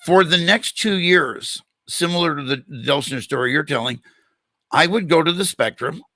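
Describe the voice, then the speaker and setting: An older man hosting a podcast speaks at normal speed in a fairly high voice, with no echo on the recording. During a casual interview he tells a long anecdote as an animated storyteller, acting out the dialogue within it.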